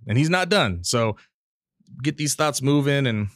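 A man's voice: mid-range voice, expressive, a little slow, fairly bright tone, no room sound. A man hosting a casual solo podcast, talking in a candid, rambling way with frequent restarts and casual swearing, close to a mic with a pop filter. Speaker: podcast host. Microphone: studio mic with pop filter.

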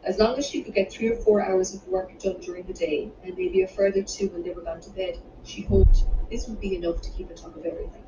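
A woman's voice: mid-range voice, steady tone. Woman reading her novel, roomy and muffled. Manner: measured, unhurried reading with small restarts. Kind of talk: audiobook narration. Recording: roomy, distant, muffled home recording with background noise.

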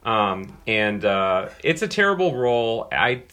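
Man, podcast co-host, bright tense voice, dry blunt delivery, casual chat. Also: on the low side, big pitch swings, a little slow.

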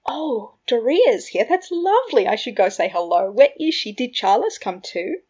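Here is a shrill, haughty pure-blood witch mother, put on by a woman who gushes in a loud, sharp voice. The tone is high and husky. The audio is dull and lo-fi. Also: sing-song, normal speed. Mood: gushing. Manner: gushing sweetness, loud and sharp. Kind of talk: fan fiction audiobook reading. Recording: dull lo-fi recording.

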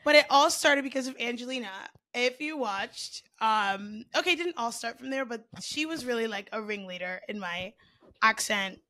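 A woman's voice: on the high side, animated, pushed and bright. A woman co-hosting a podcast, chatting casually and cursing now and then, with stretched vowels and a New York–Jersey tinge. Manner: casual, swearing, drawn-out vowels. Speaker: podcast co-host. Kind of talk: casual chat.

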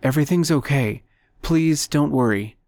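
A man's voice: on the high side, normal speed, darkish tone, no echo, studio quality, close to an everyday voice. A man reading the lines of a young woman physicist, urgent and breathless, in an audiobook.

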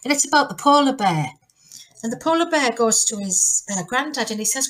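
A woman's voice: high voice, expressive, a little fast, fairly bright tone. A middle-aged woman hosting a podcast, chatty and rambling with asides and restarts. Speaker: podcast host. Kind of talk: casual chat.

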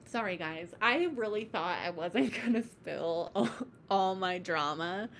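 Chatty young woman, low voice, swearing freely. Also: measured pace. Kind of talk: casual candid chat. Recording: faint background noise.

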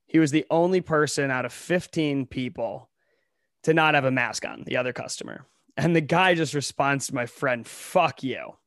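A man's voice: medium pitch, normal speed, fairly bright tone, no echo, studio quality. A young man from Ohio co-hosting a comedy podcast in a casual chat, full of sarcastic, ironic riffs. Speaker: podcast co-host.

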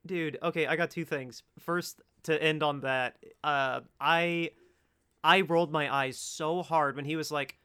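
Bright, gravelly-voiced man gushing about films. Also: on the high side, steady tone, unhurried. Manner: enthusiastic, exclaims and laughs often. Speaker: podcast co-host. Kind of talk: casual film discussion.

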